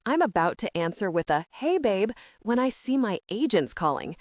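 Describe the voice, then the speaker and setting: A woman narrating a first-person audiobook in an expressive, upbeat storytelling manner. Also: medium pitch, brisk, no echo, studio quality.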